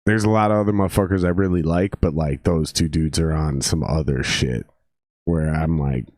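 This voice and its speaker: A man's voice: extremely low pitch, fairly even intonation, normal speed, a little mellow, no echo, clean studio sound. A young man from the Upper Midwest hosting a podcast, talking in a loose, sweary, tired way. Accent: Upper Midwest American. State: exhausted. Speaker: podcast host. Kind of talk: casual chat.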